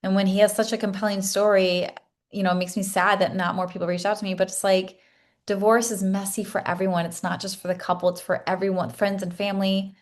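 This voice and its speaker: A woman's voice: mid-range voice, level tone, fairly quick. A woman coach in her thirties opens up to her class with an earnest, personal story. She speaks with raw emotion and often stops to restart a thought, in an ordinary mid-range voice. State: tearful at times. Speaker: coach leading a masterclass.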